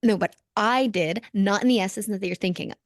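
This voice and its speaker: A woman's voice: mid-range voice, a little fast, no echo, studio quality. A woman from Canada in her thirties, a podcast guest telling stories in casual conversation and laughing often. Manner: lively storyteller who laughs often. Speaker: podcast guest, former Olympic snowboarder.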